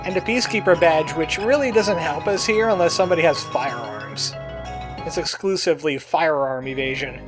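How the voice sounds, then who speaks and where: A man's voice: a little high, normal speed. A man casually commenting on a game he is playing as the channel's let's play host, chatty and joking, slipping into a cowboy voice now and then. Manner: chatty, jokey, puts on a cowboy voice. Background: faint game music.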